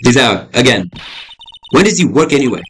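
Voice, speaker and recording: A man's voice: medium pitch, sing-song, normal speed, fairly bright tone, a little hiss or hum. A young man casually playing and reading a detective game aloud, with lots of fillers and calling the viewer bro. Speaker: gaming YouTuber.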